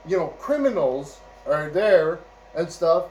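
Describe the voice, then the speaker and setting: A man's voice: a little high, very animated, slow, darkish tone, distant mic, poor audio. A man telling a casual, rambling anecdote, chuckling often and checking in with "right?" and "you know". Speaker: storyteller.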